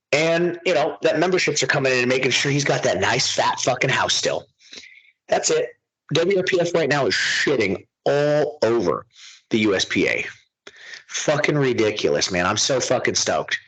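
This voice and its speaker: A man's voice: mid-range voice, husky, low-quality recording. A young man hosting a podcast, ranting animatedly in profane casual chat. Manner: animated, ranting, heavy swearing. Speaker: podcast host.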